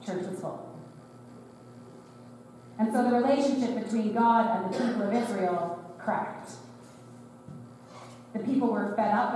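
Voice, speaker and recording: A woman's voice: mid-range voice, darkish tone, slight background noise. A woman preaching a sermon in a wry, conversational way, slipping into sarcastic voices for quoted lines. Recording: echoey sanctuary, voice from far off.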